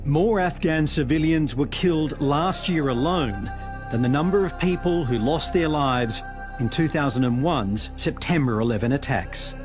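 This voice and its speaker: A man narrating a documentary in a measured, factual, scripted delivery. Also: fairly high pitch. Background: music.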